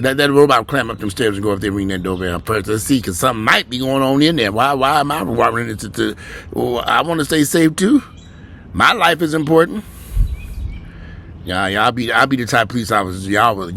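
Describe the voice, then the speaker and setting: A man ranting bluntly and profanely to his viewers from home, with sudden loud rises in a voice. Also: medium pitch, vocal fry, a little hiss or hum. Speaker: vlogger.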